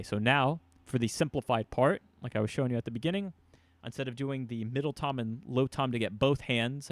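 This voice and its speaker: A man's voice: medium pitch, no room sound. A man giving a casual drum lesson, explaining hits and counting beats aloud. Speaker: drum teacher. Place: room with a drum kit. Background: drums played between talk.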